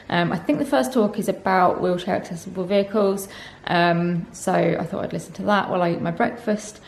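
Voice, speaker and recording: A woman's voice: fairly low pitch, vocal fry, darkish tone, a little hiss or hum. A young woman chatting casually to camera in her vlog, rambling along with plenty of ums and little laughs. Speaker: vlogger.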